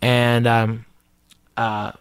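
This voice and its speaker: A middle-aged man with a Southern American accent, a guest comedian telling a lively, profane story in a podcast interview. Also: medium pitch, extremely slow, clean tone, no room sound, clean studio sound. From Southern United States.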